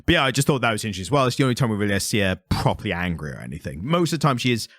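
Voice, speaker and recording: A man co-hosting a podcast in casual chat, talking quickly and acting out quotes with a laugh here and there. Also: fairly low pitch, big pitch swings, a bit bright, dry recording, studio quality. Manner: quick and chatty, acts out quotes from the comic with laughs. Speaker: podcast co-host.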